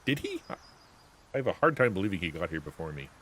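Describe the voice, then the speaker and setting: A man's voice: low-pitched, animated, fast talker, a bit bright, slight background noise. A man livestreaming a video game, talking in a rambling, chatty, self-interrupting way. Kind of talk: casual gameplay commentary.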